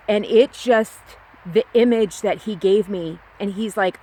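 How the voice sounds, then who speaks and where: A woman's voice: medium pitch, a little slow, darkish tone. Woman from California rambling through a personal story. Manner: rambling, confiding, many restarts and "like". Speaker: podcast host.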